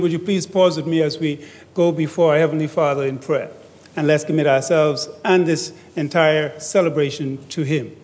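A man acting as master of ceremonies, giving a measured, formal welcome and a public prayer at a podium microphone in a large hall. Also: on the high side, dark tone. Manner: measured, formal, with light humor. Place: large concert hall or church. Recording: long hall reverb.

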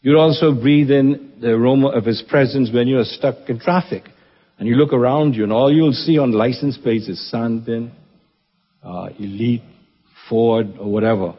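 A man delivers a funeral eulogy in an earnest, reverent way, lightened now and then by gentle humor. His voice is a little husky and sits at an ordinary middle pitch. The recording is muffled and carries a long church-hall echo. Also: moderate pace. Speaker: church member giving a eulogy.

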